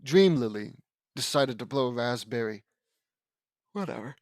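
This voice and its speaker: A man reads a fanfic aloud for laughs and keeps stopping to mock it, sarcastic and exasperated. His voice sits in a middle pitch. The sound is dry and close to the mic. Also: expressive, moderate pace, no echo. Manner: sarcastic, exasperated asides, jumps to loud disbelief. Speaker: host reading and mocking a fanfic. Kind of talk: comedic audiobook reading with sarcastic commentary.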